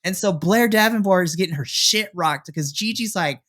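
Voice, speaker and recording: A man's voice: high voice, moderate pace, a bit bright. A man co-hosting a wrestling podcast in casual chat, recounting the show in a chatty, playfully dramatic way.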